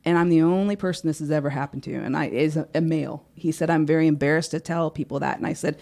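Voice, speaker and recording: A woman's voice: sits low, fast talker, vocal fry. A woman guest, a life coach, telling a personal story in a studio interview and acting out the dialogue. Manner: animated storyteller, acts out dialogue. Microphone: studio microphone.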